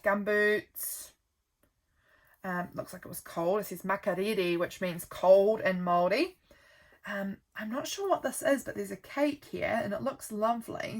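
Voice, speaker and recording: A woman, casually chatting and rambling as she flips through her calendar, with lots of ums. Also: medium pitch. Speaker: vlogger.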